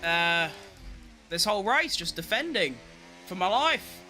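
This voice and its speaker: A young man giving excitable live commentary on his racing game, talking to himself and swearing at rivals and his car. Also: high-pitched, unhurried, slight background noise. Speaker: game streamer.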